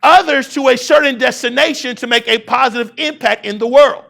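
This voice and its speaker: A man in his late thirties delivers a motivational keynote in a very high, bright voice with a gravelly edge. He calls out words for the audience to repeat and hammers key phrases, sometimes building to shouts and sometimes slowing down for emphasis. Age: 30s. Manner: call-and-response with the audience, rising to shouts. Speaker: keynote speaker.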